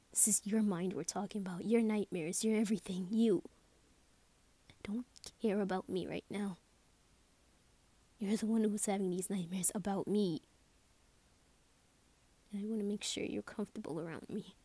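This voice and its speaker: Woman doing a soft worried girlfriend, whispered role-play, super breathy hushed voice, mellow and low-key. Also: steady tone, normal speed, pauses often, no room sound, natural voice. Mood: tender, worried. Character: anxious, tender young woman comforting her partner. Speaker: ASMR role-play creator.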